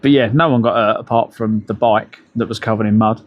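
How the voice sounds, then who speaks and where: A man's voice: on the low side, fairly even intonation, brisk, phone-quality sound. A middle-aged man, telling rambling, profane stories to his live-stream chat while out on a bike ride. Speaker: livestreamer.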